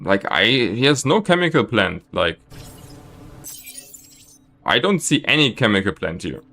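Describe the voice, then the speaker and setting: Animated streamer ranting at his chat. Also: a little slow. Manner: exasperated, ranting at chat with lively swings of pitch. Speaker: live streamer. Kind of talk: casual gameplay commentary.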